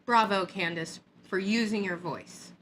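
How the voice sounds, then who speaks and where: A woman's voice: mid-range voice, measured pace, a bit bright, slight background noise. A woman vlogger giving a sarcastic, mocking rant in a hot upstairs room. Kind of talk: ranting commentary vlog.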